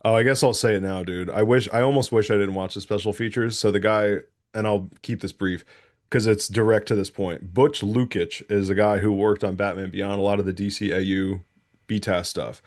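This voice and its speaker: A man co-hosting a casual podcast chat, talking in animated, rapid run-on rants full of self-interruptions. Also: on the low side. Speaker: podcast co-host.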